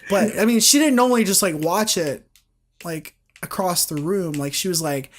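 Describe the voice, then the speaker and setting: A man in his twenties, a podcast guest, telling a story in an animated, halting way with many restarts. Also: high voice. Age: 20s. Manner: animated, halting retelling with repeated starts. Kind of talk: casual storytelling.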